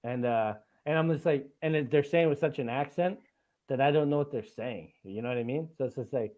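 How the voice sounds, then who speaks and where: A man's voice: mid-range voice, fairly quick, darkish tone. A man hosting a casual podcast. He rambles, fills his talk with "like" and laughs often. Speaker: podcast host.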